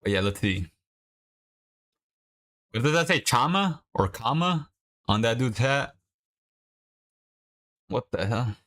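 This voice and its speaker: A young man chatting casually while watching a match live and coaching viewers through a quick workout. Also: medium pitch, lively intonation, a bit bright. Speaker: livestream host. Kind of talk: casual watch-along chat.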